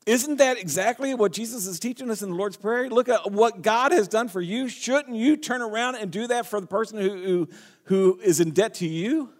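A male pastor preaching a sermon, his voice sitting high for a man. He reads scripture aloud and talks earnestly, often restarting his phrases. The sound rings with a long hall reverb. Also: normal speed.

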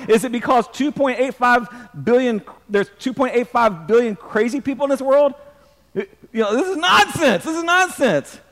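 A pastor delivers an emphatic sermon, often repeating words and calling on the congregation to answer back. His voice sits high for a man. The sound rings with the long reverb of a church hall.

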